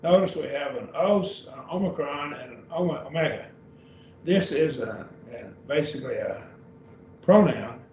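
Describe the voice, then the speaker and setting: A man's voice: on the high side, expressive, a little mellow. A man teaching a beginner Greek class over a video call, speaking patiently and repeating each word. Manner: slow, patient, repeats words. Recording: dull, roomy, distant with faint hiss.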